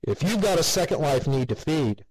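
A man voicing a booming, salesy television ad announcer within a story reading. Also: big pitch swings, normal speed, darkish tone, slightly rough, dry recording, rough recording.

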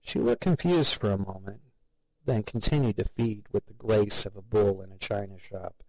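A man narrating a story with a steady, even reading. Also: on the low side, normal speed, no echo, poor audio.

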